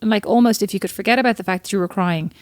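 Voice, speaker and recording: A woman in her thirties chats as a podcast co-host, her voice sitting at a middling pitch. She tells stories with quick asides and plenty of animation. The sound is dry and close, with no room around it. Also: a little mellow, no echo. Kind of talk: casual chat.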